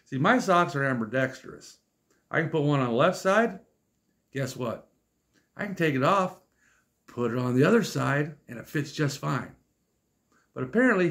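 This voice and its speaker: A man's voice: a little high, moderate pace, vocal fry, long pauses. Wry man in his fifties telling stories. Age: 50s. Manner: wry, exasperated, deadpan asides. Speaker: storyteller vlogger. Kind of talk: casual comic storytelling.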